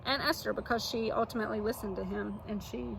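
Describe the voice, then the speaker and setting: A woman's voice: on the high side, fairly even intonation, quick pace, vocal fry. A woman co-hosting a casual Bible discussion outdoors, speaking matter-of-factly. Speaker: church channel co-host. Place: outdoors near a road. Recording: noisy outdoor traffic background.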